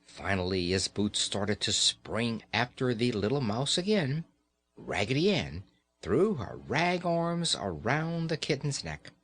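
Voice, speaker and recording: A man reading a children's story aloud in a slow, expressive way. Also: medium pitch.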